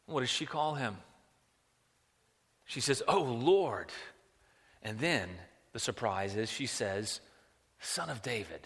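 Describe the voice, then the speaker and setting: A man preaching a sermon in an animated way, asking rhetorical questions and often repeating words. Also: high voice. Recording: long hall reverb.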